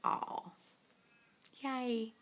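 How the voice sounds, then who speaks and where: A woman manifesting coach hosting a casual live Q&A, gushing and excitable, calling listeners darling and swearing freely. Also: on the high side, drawn-out words. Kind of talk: casual live-stream Q&A, reading viewer comments.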